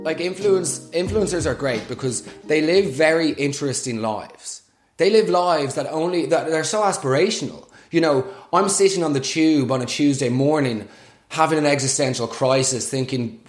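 A man's voice: on the high side, normal speed, faint music behind. A young man hosting a podcast, delivering a sarcastic, exasperated comic rant and swearing freely. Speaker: podcast host. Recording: echoey room.

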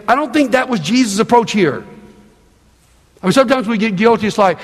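A man's voice: high voice, animated, normal speed, long pauses, husky, in a large hall. A man preaching a sermon as pastor, conversational and emphatic, repeating himself for stress.

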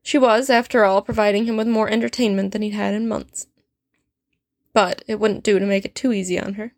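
A woman reading a fan-written story aloud in a steady, measured narration. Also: medium pitch, no room sound, studio quality. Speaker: fanfiction reader.

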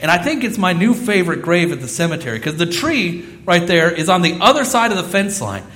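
A man's voice: sits high, expressive, fairly quick, a bit bright. A man in his thirties preaching a sermon, earnest and repeating phrases for emphasis. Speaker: pastor.

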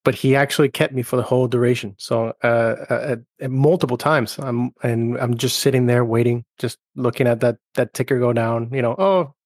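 Podcast co-host, male, gravelly, easygoing, lots of laughs. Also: mid-range voice. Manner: relaxed, laughs often, halting restarts. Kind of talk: casual gaming podcast chat.

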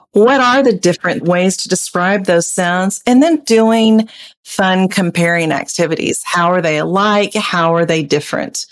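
A woman with an Oklahoma accent explains early reading as a panel expert, slightly low in pitch and animated. She now and then slips into children's voices to make a point. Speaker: literacy educator.

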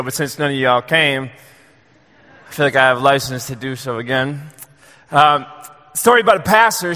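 A man preaching a sermon to a congregation in a relaxed, joking, conversational way. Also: fairly high pitch, big-room sound. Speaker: pastor. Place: church sanctuary.

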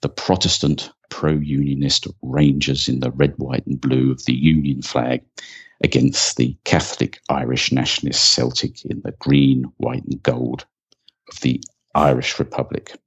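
A man's voice: rumbling low, flat delivery, a little slow, breathy edge. A man, a podcast host giving scripted narration with wry mock match commentary asides, heard on a dull lo-fi recording. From England.

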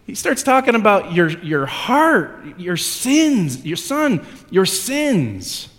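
A man's voice: sits high, very animated, slow pace, a bit bright, long reverb tail. A male pastor preaching a sermon in a conversational, self-deprecating way that builds into emphatic repetition.

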